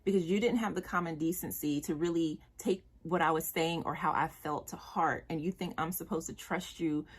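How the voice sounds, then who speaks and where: A woman's voice: low-pitched, steady tone, normal speed, slightly rough. A young woman vlogger giving blunt, exasperated commentary about dating, with slang and profanity. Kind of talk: direct-to-camera commentary.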